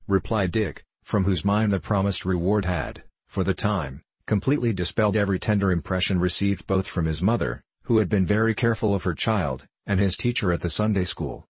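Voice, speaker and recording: Low husky guy reading old-timey stories, dry close mic, steady and measured. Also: dry recording. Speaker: audiobook reader. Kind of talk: scripted narration of old moral stories.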